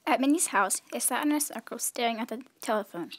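A woman reading a children's story aloud in a clear, measured storytelling voice. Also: a little high. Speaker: storybook reader.

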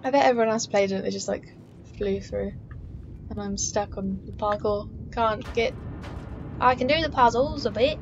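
A woman's voice: medium pitch, moderate pace, gravelly. A woman playing through a game, talking to herself with frequent swearing and exclamations. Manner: chatty self-talk, swearing and exclaiming. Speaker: let's play gamer. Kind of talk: casual gameplay commentary. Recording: dull lo-fi mic with steady background noise.

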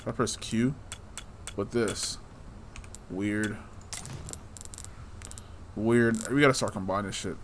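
A man's voice: on the low side, takes it slowly, pauses often, slight background noise. A man giving loose, casual commentary while playing a game, talking to himself and teasing the hero, with frequent swearing. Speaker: gameplay streamer.

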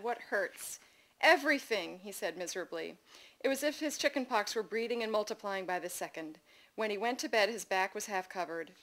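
Wry woman reading her memoir aloud. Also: medium pitch. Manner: wry, animated, playfully voices her child's shouts. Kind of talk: live literary reading. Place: literary festival reading.

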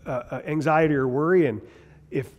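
A man teaching a Bible class in a lively, conversational way, asking his listeners questions as he goes. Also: on the high side, a little fast, big-room sound. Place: large classroom or hall.

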